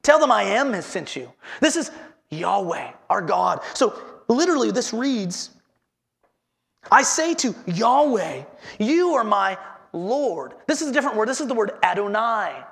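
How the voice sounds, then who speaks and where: A man's voice: high voice, sing-song, unhurried, gravelly, a bit bright. A man preaching a sermon as pastor, earnestly repeating his headings and asking the congregation questions.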